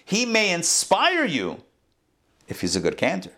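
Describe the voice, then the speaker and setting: A man telling a parable to a class in an animated storytelling sermon, acting out the animals' voices. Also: high voice, measured pace. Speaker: rabbi teaching a class.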